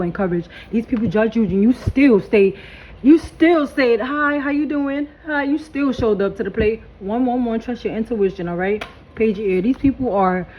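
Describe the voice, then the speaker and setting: A woman's voice: mid-range voice, lo-fi sound, slight background noise. A woman doing a casual spiritual reading vlog, hyped and blunt, talking in slang and swearing freely. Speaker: tarot reader.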